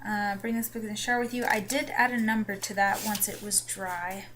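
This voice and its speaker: A woman's voice: mid-range voice, level tone, a little fast, a bit bright. A young woman rambles to her webcam, her accent slipping between New York and the Carolinas. She is chatty and loose, with plenty of ums and restarts. A faint hiss sits under the recording. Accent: mixed New York and Southern US. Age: young adult. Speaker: vlogger. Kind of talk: casual chat. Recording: webcam with faint background noise.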